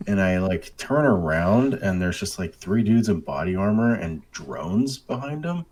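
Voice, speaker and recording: A man co-hosting a casual gaming podcast, telling excitable, sweary game stories. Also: low voice, unhurried, hardly any pauses. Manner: excitable storytelling, heavy swearing. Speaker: podcast co-host.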